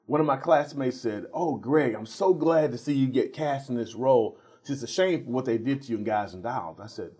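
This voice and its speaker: A husky-voiced middle-aged man sits as a talk show guest. He tells animated stories at an ordinary pitch, often repeating words and laughing along the way. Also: a little fast, few pauses. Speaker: guest, theater professor. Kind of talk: casual interview storytelling.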